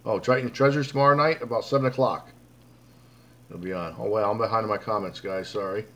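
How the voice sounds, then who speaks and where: A man's voice: lowish voice, fairly quick, fairly bright tone. Rambling man hosting a live stream. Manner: rambling, reads viewer comments aloud; frequent fillers and restarts. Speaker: livestream host. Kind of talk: casual live-stream chat.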